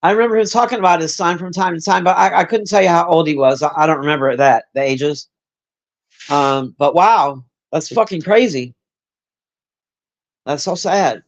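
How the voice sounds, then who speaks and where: A slightly high male voice at normal speed comes through a muffled recording as he streams, chatting casually, swearing a lot, rambling with many fillers, and addressing chat members by name.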